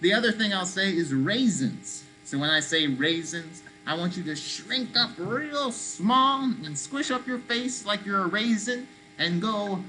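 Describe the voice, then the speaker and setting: A woman leading children in a playful call-and-response movement game, coaxing them to shout along. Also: medium pitch, animated, measured pace, hardly any pauses, poor audio. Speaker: children's activity leader. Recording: faint mains hum.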